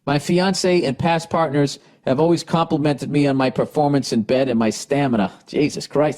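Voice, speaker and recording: Hiccups interrupt this Boston podcast host as he reads letters from listeners. His voice is mid-range and darkish, and his off-the-cuff advice rant is blunt, sarcastic and profane.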